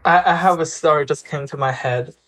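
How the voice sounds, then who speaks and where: A young man talks as a guest, his voice a little high for a man. He speaks hesitantly, pausing to search for the right words. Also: a bit bright. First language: Chinese. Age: young adult. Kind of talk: casual discussion.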